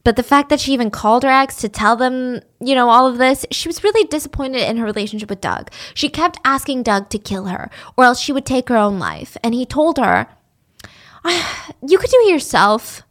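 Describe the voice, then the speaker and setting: A young woman tells a true-crime story in a loose, chatty way, dropping sarcastic asides as she goes. Her voice sits fairly high and stays conversational throughout. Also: fairly quick, few pauses, a bit bright.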